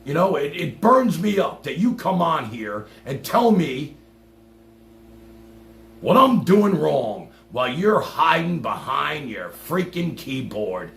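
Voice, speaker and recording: Gravelly, sarcastic male livestream host. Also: fairly high pitch, big pitch swings, slow pace, a bit bright. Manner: sarcastic, profane, combative. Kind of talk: ranting livestream talk. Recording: echoey room with faint hum.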